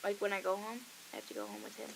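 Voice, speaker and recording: A woman's voice: mid-range voice, little pitch movement, racing, creaky, background noise. A young woman hosting a college radio show, chatting casually and acting out the voices in her stories. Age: young adult. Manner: chatty storytelling, acts out quoted voices. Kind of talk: casual chat.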